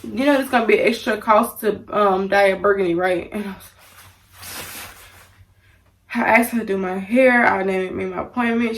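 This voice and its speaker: Young woman doing a chatty storytime vlog, animated, mid pitch, mic a bit far off. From Louisiana. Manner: animated, chatty, addresses viewers as y'all. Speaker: vlogger. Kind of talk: casual storytime.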